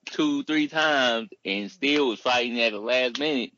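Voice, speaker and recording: A man's voice: medium pitch, a little slow, pushed and bright, muffled recording, a little hiss or hum. A man in a casual podcast chat, talking animatedly in loose, profane slang.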